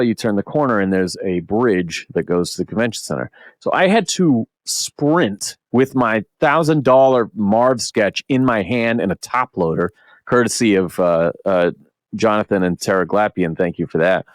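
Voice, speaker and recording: A middle-aged man, a podcast host, telling a long convention story in casual chat, animated and swearing often. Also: lowish voice, normal speed, no room sound, studio quality.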